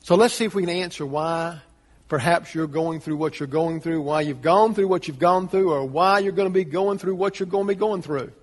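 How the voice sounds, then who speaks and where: A man's voice: a little high, a little fast. A man preaching a sermon as pastor, earnest, asking the congregation rhetorical questions. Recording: long reverb of a large hall.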